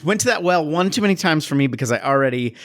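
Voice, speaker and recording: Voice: mid-range voice, lively intonation, quick pace. A co-host chatting casually about a movie, playful and wry. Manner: playful, wry, laughs often. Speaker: podcast co-host. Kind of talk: casual movie-review chat.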